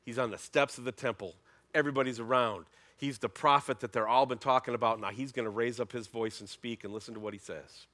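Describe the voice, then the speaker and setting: Animated middle-aged male preacher, bright voice. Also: medium pitch, quick pace. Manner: animated, emphatic, conversational preaching with sudden loud bursts. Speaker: pastor. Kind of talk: sermon.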